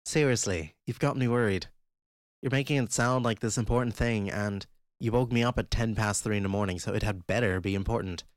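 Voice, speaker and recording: A man's voice: on the low side, a little fast, dry recording, studio quality, natural voice. A man voicing an irritated, foul-mouthed teenage girl who has just been woken in the middle of the night, in an audiobook. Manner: sharp, impatient, swearing. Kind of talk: audiobook character voice.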